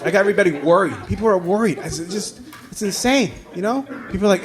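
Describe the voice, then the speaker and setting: A man in his thirties, a native Mandarin speaker, doing an animated stand-up set on a comedy club stage and shouting his punchlines. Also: high-pitched, quick pace. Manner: animated, shouts punchlines, acts out others' voices. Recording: live club recording, roomy, loud audience laughter.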